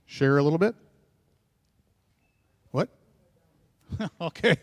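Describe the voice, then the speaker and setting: Male emcee, brief casual announcements, slightly raised pitch. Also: a little mellow. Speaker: master of ceremonies. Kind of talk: hosting remarks at a memorial.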